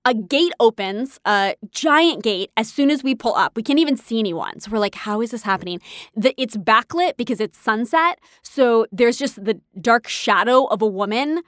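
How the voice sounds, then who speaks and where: Woman, podcast host, casual storytelling, chatty, enthusiastic, fairly high voice, dry close sound. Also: animated, normal speed, hardly any pauses, fairly bright tone, dry recording. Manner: chatty and enthusiastic, laughs often.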